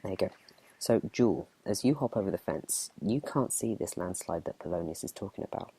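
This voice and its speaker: Low, gravelly-voiced man whispering a role-play. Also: a little fast. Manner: relaxed, chatty narration with asides to the players. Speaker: game master.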